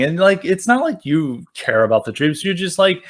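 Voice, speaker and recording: Male podcast guest, slightly high pitch, animated sarcastic delivery, filler-heavy. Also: normal speed, hardly any pauses. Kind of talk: casual political chat.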